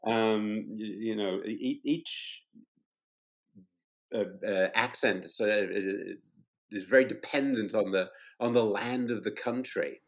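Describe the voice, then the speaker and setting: A British man with a fairly low voice talks as a guest on an interview podcast. He is chatty and self-deprecating, often pausing and restarting as he goes. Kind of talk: casual interview chat.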